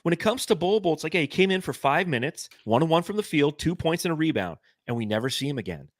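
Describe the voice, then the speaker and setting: A man's voice: fairly high pitch, very animated, fast, no echo, clean studio sound. A man hosting a casual sports podcast, exasperated and ranting about his team. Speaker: podcast host.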